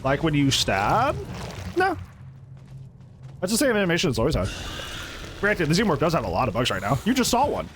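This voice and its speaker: Chatty streamer man, lively voice. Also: a little high, fairly quick, long pauses, a little hiss or hum. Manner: chatty, reacts and laughs often, greets chat. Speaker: gaming streamer. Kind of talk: live gameplay commentary.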